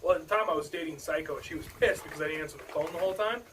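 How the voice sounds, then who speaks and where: A man's voice: fairly high pitch, rapid-fire. A man co-hosting a podcast, telling profane personal stories in casual chat. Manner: profane, storytelling. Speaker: podcast co-host. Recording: distant mic with faint noise.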